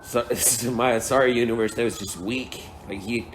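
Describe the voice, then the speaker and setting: A man's voice: medium pitch, steady tone, moderate pace, slight background noise, close to an everyday voice. A man voicing the spirits as laid-back male helpers who talk in an offhand, slangy way. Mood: unimpressed.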